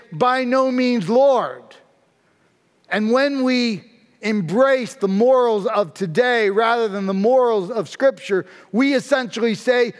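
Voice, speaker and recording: A man preaching a sermon as a pastor, speaking emphatically and building intensity through dramatic repetition. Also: high-pitched. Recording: long reverb of a large hall.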